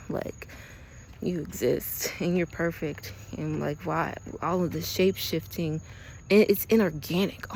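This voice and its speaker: A young woman talking in a casual, rambling spiritual monologue, earnest and quick to laugh, with lots of "like" fillers. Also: on the low side, a little hiss or hum. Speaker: spiritual vlogger.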